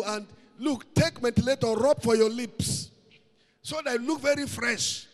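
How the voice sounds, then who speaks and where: A man preaching with a Nigerian accent, mixing in Pidgin, chanting repeated words and swinging into shouts. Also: very high-pitched, unhurried, big-room sound. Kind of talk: sermon.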